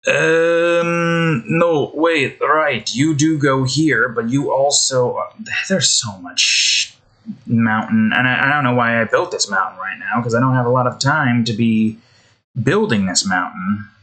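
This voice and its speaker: A man's voice: medium pitch, measured pace, sharp tone. A man giving rambling gameplay commentary while building in a game, interrupting himself often and swearing. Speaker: game content creator. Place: indoors.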